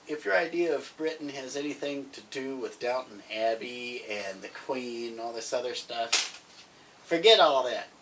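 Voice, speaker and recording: A man co-hosting a podcast, rambling cheerfully as he recommends TV series in casual chat. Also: medium pitch. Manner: chatty, rambling, grows excited. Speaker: podcast co-host. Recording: distant mic, faint background noise.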